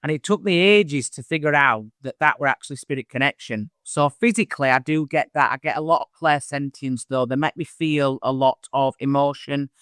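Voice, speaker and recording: A man, a medium being interviewed, telling stories in a chatty, animated way. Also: mid-range voice, brisk, few pauses, clear, resonant tone, no echo, studio quality. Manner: chatty, animated, acts out voices in anecdotes. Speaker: medium, podcast host as guest. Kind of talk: casual interview storytelling.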